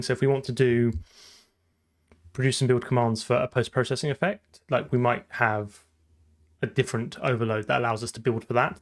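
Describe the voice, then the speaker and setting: A man with a southern English accent chatting casually as he codes on a live stream, thinking aloud and laughing now and then. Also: mid-range voice. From southern England. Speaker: programming streamer. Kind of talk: casual live-coding chat.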